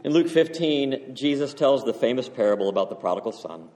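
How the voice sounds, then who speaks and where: A man's voice: medium pitch, expressive, fairly quick, darkish tone. A man preaching a sermon, telling a story with passion and building to fervent exhortation. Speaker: pastor. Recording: long hall reverb.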